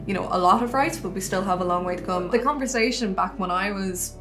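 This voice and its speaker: A woman's voice: mid-range voice, fast, over music. A young woman with an Irish accent, telling her own story to camera in a candid, chatty way. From Ireland. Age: young adult. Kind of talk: personal testimony to camera.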